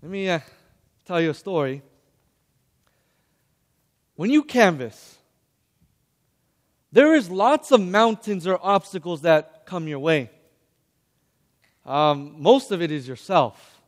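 A young man preaching a sermon, animated and calling on his listeners to answer back. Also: high voice, normal speed, long pauses. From Hispanic background. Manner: animated, calls on the audience to respond. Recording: long hall reverb.

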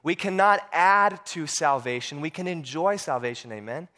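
A man preaching a sermon, telling stories with animated voices and frequent repeated words. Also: a little high, normal speed.

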